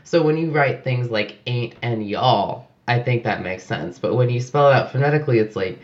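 A man's voice: medium pitch, moderate pace. Chatty man on a lo-fi recording. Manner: animated, laughs often, mimics voices. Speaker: podcast co-host. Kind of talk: casual chat. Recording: dull lo-fi audio.

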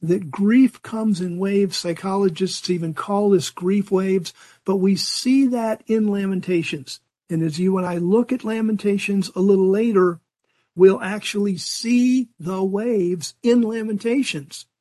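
Casting: older male Bible teacher, high-pitched, earnest and conversational, restarts sentences often. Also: a little slow, dark tone.

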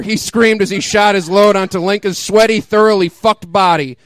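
A man's voice: sits high, fairly even intonation, moderate pace, fairly bright tone, smooth, dry recording, clean studio sound. A man giving a mock-dramatic comic reading of crude fiction, often laughing and breaking into incredulous asides. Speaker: comedic reader.

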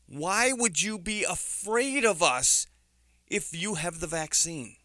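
A man's voice: high voice, expressive, slow, sharp tone, no echo, clean studio sound. A man with a New York accent giving an indignant, sarcastic opinion commentary, stressing his words hard.

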